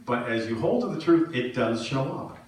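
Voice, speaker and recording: Preaching with an animated, medium-pitched voice at a moderate pace, a middle-aged minister tells stories conversationally and pokes fun at himself. The sermon takes place in a church sanctuary, recorded distantly with hall echo and slight background noise.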